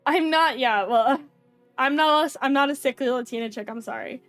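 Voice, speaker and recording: A woman's voice: high-pitched, moderate pace, a bit bright, dry recording, faint music behind. A young adult woman chatting casually on a live stream, rambling with lots of fillers and giggles. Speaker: VTuber streamer.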